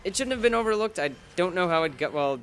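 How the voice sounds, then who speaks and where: A man's voice: high-pitched, lively intonation, quick pace, fairly bright tone, faint music behind. A man giving casual, rambling playthrough commentary, sarcastic, with sudden emphatic bursts. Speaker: gaming YouTuber.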